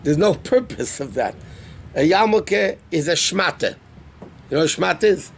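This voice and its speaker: A rabbi teaching a live class on Jewish law, explaining terms conversationally and asking the class questions. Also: male voice, fairly high pitch, animated, normal speed, creaky, a little hiss or hum. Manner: answers student questions.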